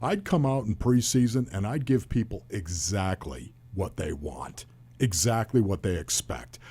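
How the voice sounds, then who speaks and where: A man working as a radio color analyst, talking football in an animated, emphatic way and firing off rhetorical questions. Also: mid-range voice, normal speed, breathy edge. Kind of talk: sports talk analysis.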